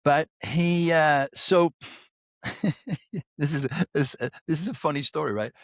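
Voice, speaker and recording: A man's voice: a little high, a little slow, no room sound, studio quality. A man hosting a podcast, telling stories in a casual, rambling way, laughing often and tagging "right?" onto his sentences. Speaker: podcast host. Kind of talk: casual storytelling chat.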